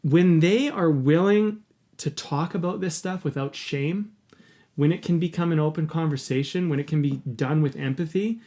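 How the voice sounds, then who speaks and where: A man's voice: fairly high pitch, moderate pace, dark tone. Earnest, candid man telling a story. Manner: earnest, candid, swears casually. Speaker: podcast host. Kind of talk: casual storytelling in a podcast conversation.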